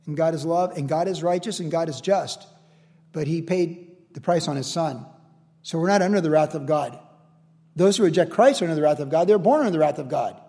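A man preaching a sermon in an animated, conversational way, often acting out quoted voices. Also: a little high, fairly quick, big-room sound. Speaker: pastor.

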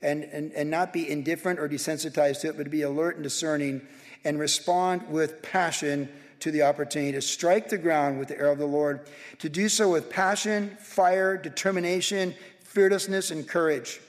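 A man's voice: a little high, fairly even intonation, moderate pace. A man preaching a sermon as pastor, fervent and emphatic, stacking up repeated phrases. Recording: long reverb of a big hall.

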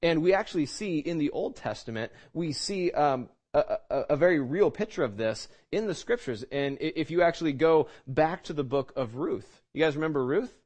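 Male preacher, casual teaching sermon, rhetorical questions, slightly high register. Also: expressive, moderate pace, hardly any pauses, a little mellow. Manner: conversational, many restarts and rhetorical questions.

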